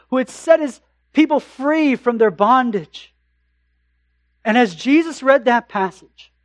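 A man preaching a sermon, building emphasis through repeated phrases and slowing down to read scripture. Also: very high-pitched, no echo. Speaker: pastor.

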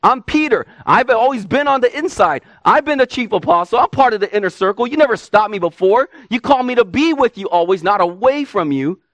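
A man's voice: very high-pitched, animated, a little fast, few pauses, fairly bright tone, no room sound, pitched above the performer's own voice. A male preacher voicing an overconfident apostle who insists on his own loyalty. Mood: insistent. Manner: insistent, pleading. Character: boastful overconfident apostle, adult man.

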